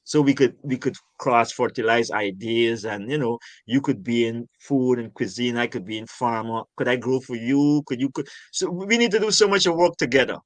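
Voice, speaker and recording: Older man from Guyana, passionate emphatic guest, mid-pitched, dry close sound. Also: moderate pace, few pauses, dry recording. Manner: passionate, emphatic, repeats words when stressing a point. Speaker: urban farmer and guest. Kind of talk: conversational interview.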